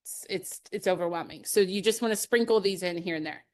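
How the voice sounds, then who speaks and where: A woman's voice: on the low side, fairly quick, darkish tone. A middle-aged woman leading a live sales training webinar, upbeat and conversational, with personal anecdotes and light laughs.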